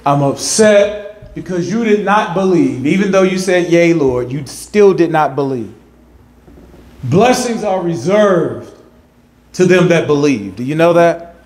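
In a roomy, echoing church sanctuary, a pastor preaches a sermon in a high-pitched voice. He's animated and a little slow, repeating words to build emphasis as his voice rings through the space.

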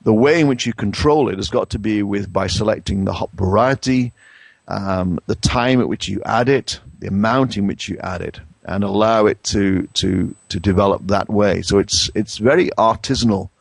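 A middle-aged man with an English accent, a brewing science professor explaining things in a conversational interview, pausing and restarting often. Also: fairly low pitch, creaky, no echo. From England. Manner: hesitant, many restarts and fillers.

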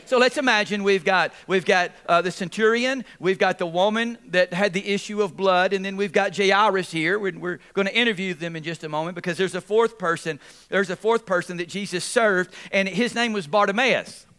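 A man's voice: high voice, normal speed, clean tone. A man preaching a sermon as pastor, repeating phrases and calling on the congregation for responses. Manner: repetitive, animated preaching with audience call-outs.

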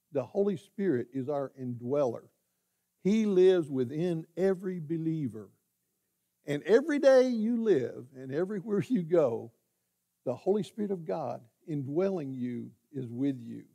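A man preaching a sermon as pastor in a church, animated, with his voice leaping up for emphasis. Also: high voice. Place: church sanctuary.

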